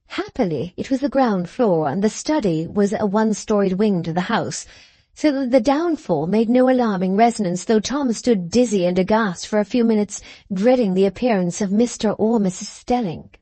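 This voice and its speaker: A woman reading a classic novel as an audiobook narrator, in a measured storytelling manner. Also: mid-range voice, expressive, mellow, no room sound. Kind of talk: scripted narration.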